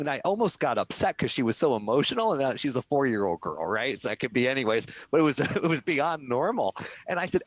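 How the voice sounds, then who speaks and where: A man's voice: mid-range voice, big pitch swings, a little fast, no echo. A man being interviewed on a live video call, telling a personal story in an earnest way and often asking "right?". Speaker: real estate brokerage executive, guest. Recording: dull lo-fi sound, dry.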